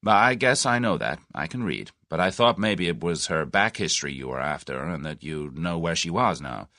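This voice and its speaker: A man's voice: low-pitched, lively intonation, normal speed, dry recording, clean studio sound, voice pushed down, full character voice. A man voicing a blunt, pugnacious American man in his thirties, with an American accent, in an audiobook. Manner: blunt, forceful, folksy.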